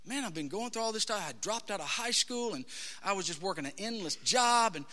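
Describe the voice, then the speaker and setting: A middle-aged man preaching a sermon, telling his story with passion and swinging from hushed to shouting. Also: high-pitched, animated, fairly quick. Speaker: pastor. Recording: hall reverb.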